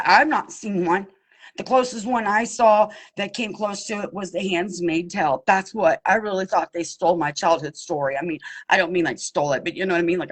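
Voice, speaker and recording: Husky woman giving emphatic testimony. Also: lowish voice, rough recording. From Pennsylvania. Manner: emphatic and pleading, addresses listeners as y'all. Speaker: abuse survivor speaking out. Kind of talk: impassioned personal testimony.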